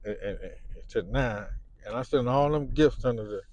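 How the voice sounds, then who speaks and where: A man's voice: mid-range voice, moderate pace, darkish tone, slight background noise. A man in his fifties with a Chicago accent, talking to camera in a rambling, unscripted monologue. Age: 50s. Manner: rambling, frequent fillers and restarts. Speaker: vlogger.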